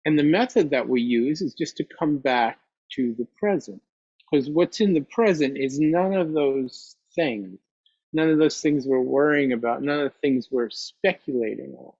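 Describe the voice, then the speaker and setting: A man at mid pitch tells a meditation teaching story in a calm, reflective way. He laughs softly now and then. The sound is close and dry, with a slightly dull, lo-fi edge. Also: slightly rough, no echo. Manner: unhurried, reflective, with soft laughs. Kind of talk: storytelling dharma talk.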